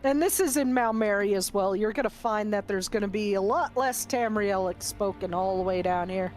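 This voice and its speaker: A woman's voice: mid-range voice, moderate pace, a little mellow, faint music behind. A woman running a tabletop game as game master, laughing often and swearing casually.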